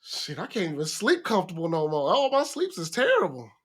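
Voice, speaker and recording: A man's voice: sits high, wildly swooping pitch, brisk, fairly bright tone, husky. Slangy man in his thirties, loose storytelling. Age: 30s. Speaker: co-host. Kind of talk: casual podcast chat.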